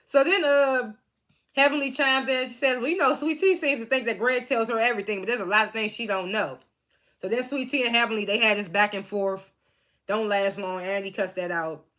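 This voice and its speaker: A woman's voice: fairly high pitch, fairly bright tone. A woman casually recapping a reality TV reunion, chatty and laughing often as she quotes the cast.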